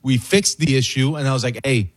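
Thirties guy cohost, husky, relaxed, tells stories and gets defensive. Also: medium pitch, fairly quick. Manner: laid-back, chuckling, defensive. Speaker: co-host. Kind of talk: casual storytelling banter.

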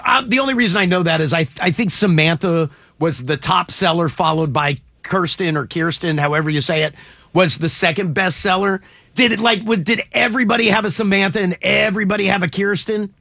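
A man's voice: high-pitched, fairly quick, gravelly, sharp tone, no echo. A man hosting a morning radio phone-in show, chatting playfully and laughing often with a caller, in a studio. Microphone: studio mic.

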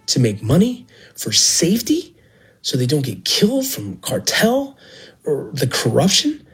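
Man, ex border agent, very husky rough voice, earnest storytelling. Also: on the high side, poor audio. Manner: earnest, emotional, with restarts. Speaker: former Border Patrol agent and medic. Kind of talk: personal storytelling.

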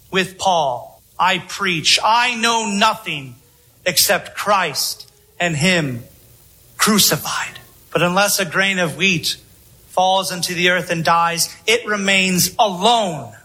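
A man preaching a sermon in a solemn, emphatic manner with long pauses. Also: high voice, sharp tone, breathy edge, low-quality recording.

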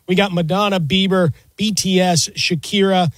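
A man's voice: sits high, fairly even intonation, moderate pace, no echo, clean studio sound. A man co-hosting a sports talk show, upbeat and chatty as he leads into segments.

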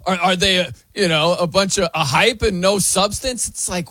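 A man's voice: sits high, normal speed, hardly any pauses, bright, forceful tone, dry recording. An American man hosting a sports talk show, emphatic and full of rhetorical questions.

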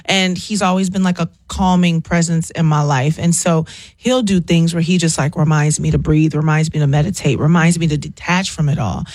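Woman, guest chatting, animated storyteller, dry close sound. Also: low voice, moderate pace, no room sound. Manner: animated storyteller, acts out voices. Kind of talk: casual interview chat.

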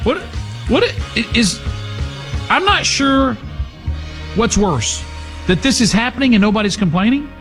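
A man's voice: very high-pitched, lively intonation, measured pace, long pauses, a bit bright, faint music behind. A man hosting a talk radio show, giving sarcastic, mocking commentary. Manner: sarcastic, mocking, puts on voices.

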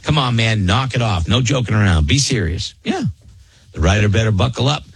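Male morning radio host, husky, lively pitch, opinionated banter. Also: a little fast, no room sound. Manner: animated, opinionated ranting.

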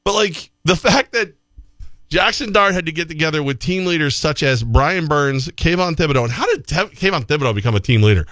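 A man's voice: a little high, fairly quick, no room sound, studio quality. A middle-aged man co-hosting a sports talk show, rambling casually with lots of restarts. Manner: rambling, animated, restarts often.

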